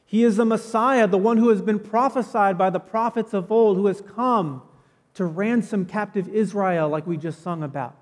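A pastor giving a sermon in a church, telling the story in a conversational, animated way with casual asides. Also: male voice, high-pitched, normal speed, in a large hall. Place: church sanctuary.

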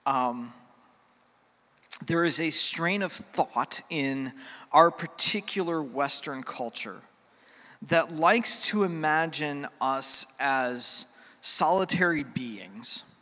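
Middle-aged guy preaching a heartfelt sermon, crisp bright tone, kinda choked up, church echo. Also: fairly high pitch, expressive. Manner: earnest, heartfelt, with pauses and fillers. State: emotional, near tears. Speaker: pastor. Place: church sanctuary. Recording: church hall with long reverb.

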